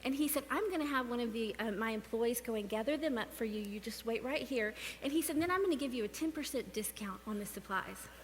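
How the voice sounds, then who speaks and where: A woman telling a lively, laughing story in church, acting out the dialogue. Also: fairly high pitch, fast talker, few pauses. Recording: reverberant hall with faint noise.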